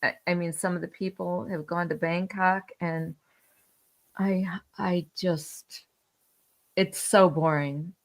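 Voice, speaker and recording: A woman co-hosting a podcast in casual chat, opinionated and quick to laugh. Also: on the low side, steady tone. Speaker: podcast co-host.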